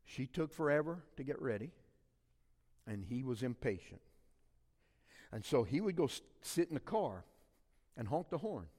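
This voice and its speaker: A middle-aged man, preaching a sermon as a pastor, swinging between loud emphatic passages and quiet ones. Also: medium pitch, moderate pace, long pauses, big-room sound. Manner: animated preaching with big swings in loudness.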